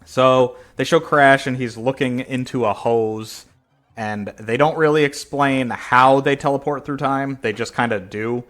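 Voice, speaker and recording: A man's voice: medium pitch, unhurried, fairly bright tone. A man casually retelling a fan comic chapter by chapter, rambling with fillers and self-corrections. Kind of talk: casual storytelling.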